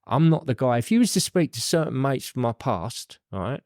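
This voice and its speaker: A man's voice: mid-range voice, very animated, moderate pace, a little mellow, no room sound, clean studio sound. A middle-aged man, a podcast guest telling his recovery story in a rambling, candid way with fillers and swearing.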